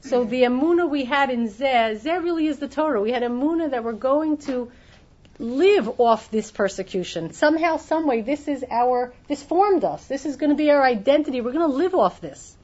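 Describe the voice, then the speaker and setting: A woman's voice: high-pitched, animated, normal speed, a little mellow. A woman giving a Torah class in an explanatory way, often restarting her sentences, on a dull lo-fi recording. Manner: explanatory, many restarts, acts out quoted voices. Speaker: teacher.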